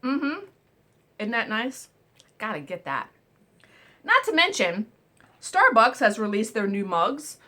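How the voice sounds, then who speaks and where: A woman hosting a casual storytelling vlog, animated and exclamatory, swearing now and then while she eats. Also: a little high, slow, pauses often. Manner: eating while talking. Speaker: vlog host.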